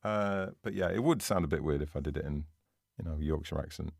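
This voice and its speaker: A man's voice: very deep voice, a little fast, gravelly, darkish tone, dry recording, clean studio sound. A British man co-hosting a writing podcast, chatting casually and laughing easily at himself. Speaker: podcast co-host. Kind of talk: casual chat.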